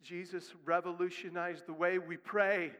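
A man's voice: high voice, level tone, clean tone. Man preaching with rising, dramatic swings. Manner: swings from quiet, quick asides to loud, rising emphasis. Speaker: pastor. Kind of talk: sermon. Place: church sanctuary. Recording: long reverb of a church hall.

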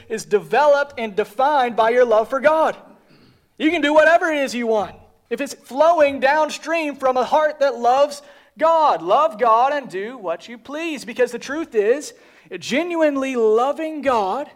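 A man's voice: extremely high pitch, measured pace. A male preacher delivering a sermon, earnest, repeating key phrases and dropping to a near whisper at the ends of lines.

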